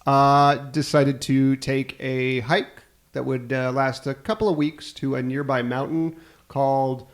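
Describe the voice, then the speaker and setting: A man's voice: mid-range voice, level tone, unhurried. A man co-hosting a comedy podcast who tells a history story in a rambling, jokey way and laughs between his own lines. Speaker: podcast co-host, history presenter.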